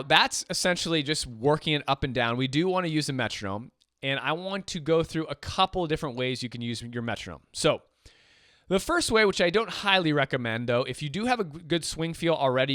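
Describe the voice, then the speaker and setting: A man teaching jazz piano in a relaxed, chatty way, counting beats aloud as he plays. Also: a little high, brisk, no echo, studio quality. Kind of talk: casual instructional talk. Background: piano playing and metronome clicks.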